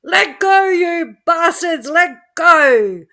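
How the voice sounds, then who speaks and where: A man's voice: high voice, fairly even intonation, brisk, pushed and bright. A woman voicing a panicked man fleeing a UFO, screaming in terror. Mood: terrified screaming.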